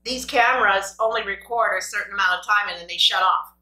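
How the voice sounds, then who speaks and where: Lady rambling to her viewers between bites, bright voice, kinda echoey room. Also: mid-range voice, a little fast, distant mic. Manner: rambling, self-deprecating, talks to viewers. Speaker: mukbang host. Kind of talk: casual chat while eating.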